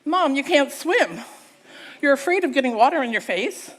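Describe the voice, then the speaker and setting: A woman's voice: high voice, animated, moderate pace, fairly bright tone, voice pushed up. A woman doing her skeptical teasing kids. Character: doubting grown children teasing their mother.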